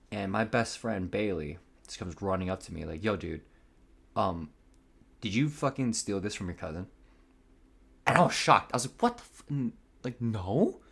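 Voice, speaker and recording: A man's voice: lowish voice, gravelly, husky. A young man hosting a casual solo podcast, rambling through a story, swearing freely and laughing at himself. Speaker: podcast host. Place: home room by a window.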